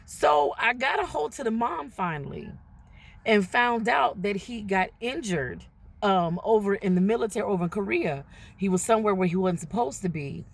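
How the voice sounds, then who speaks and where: A woman in a chatty, casual storytime, speaking straight to her viewers with a gravelly edge of vocal fry on her words. She slips into other people's voices as she quotes them. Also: mid-range voice, lively intonation, moderate pace.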